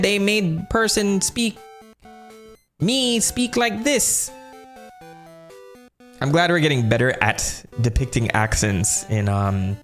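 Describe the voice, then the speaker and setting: A man streaming a game and chatting casually, joking in quick asides. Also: medium pitch. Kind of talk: casual gameplay commentary.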